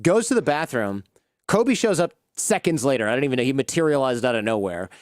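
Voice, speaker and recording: A man telling lively anecdotes in a casual interview, acting out the people in his stories. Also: mid-range voice, brisk, no room sound, clean studio sound. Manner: animated anecdotes, acts out quoted people. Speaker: podcast host as guest.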